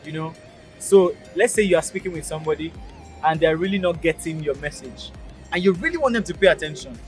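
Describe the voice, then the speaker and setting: A man's voice: on the high side, expressive, brisk, soft background music. A man with a Nigerian accent, hosting a casual outdoor language lesson, upbeat and emphatic, patiently repeating phrases. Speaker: pidgin teacher, channel host. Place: outdoors beside a busy road.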